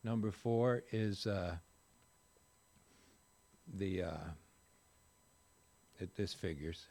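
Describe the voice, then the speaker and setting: A man's voice: low voice, drawn-out words, dark tone. An older man speaking at a recovery meeting, telling folksy, rambling stories with self-deprecating humor. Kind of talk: personal recovery talk to a group.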